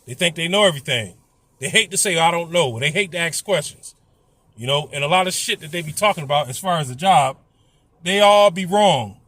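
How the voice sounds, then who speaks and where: High, bright-voiced man ranting. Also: animated, brisk. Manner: profane, blunt and complaining. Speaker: vlogger. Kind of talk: casual storytelling rant.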